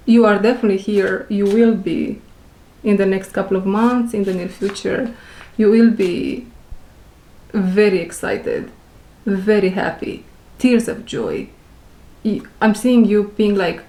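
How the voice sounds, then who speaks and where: Non-native english woman doing a slow intuitive reading for viewers, repeats herself a lot, roomy echo on the mic. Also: medium pitch, dark tone. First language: not English. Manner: slow, repeats phrases, searches for words. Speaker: intuitive reader.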